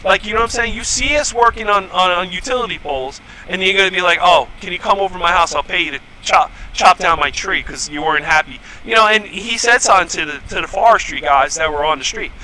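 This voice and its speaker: A man holds forth on a casual podcast, swearing freely and getting worked up. His voice sits high for a man and sounds sharp and tense. A faint hum of noise runs underneath. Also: quick pace, few pauses, rough recording. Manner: profane, heated storytelling. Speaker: podcast host. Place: home podcast setup.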